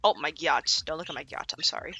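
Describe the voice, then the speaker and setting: A woman's voice: low-pitched, fast, creaky, bright, forceful tone, low-quality recording. A woman streamer telling a story on a casual stream, rambling and profane, with lots of fillers.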